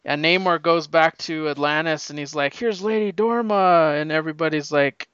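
A man recapping a comic issue in a casual, excited, rambling way, with lots of fillers. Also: fairly high pitch, a little fast, smooth, no room sound, dull audio. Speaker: comic book reviewer.

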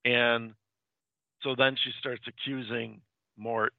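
Gravelly man on a tinny line. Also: medium pitch, level tone, no echo. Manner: halting, with frequent restarts and repeated words. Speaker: host retelling old film plots. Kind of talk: casual chat. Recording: dry, tinny phone-like sound.

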